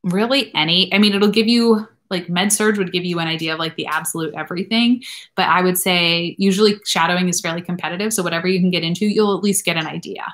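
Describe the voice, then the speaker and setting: A woman's voice: on the low side, quick pace, a bit bright. A woman in her thirties hosting a live question-and-answer stream as a nurse practitioner, talking in a rambling, chatty way with lots of fillers. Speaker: nurse practitioner and channel host.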